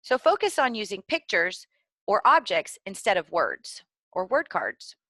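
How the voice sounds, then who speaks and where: A woman giving clear, deliberately enunciated instructional narration for preschool teachers. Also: mid-range voice, huge pitch swings, sharp tone, no room sound. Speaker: early literacy trainer.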